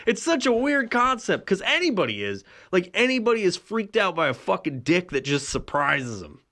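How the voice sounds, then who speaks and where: Guy rambling thru a crude solo podcast story, cussing a lot and laughing, kinda higher voice. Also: wildly swooping pitch, moderate pace, a bit bright. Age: adult with a son. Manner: profane rambling with frequent laughs. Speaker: podcast host.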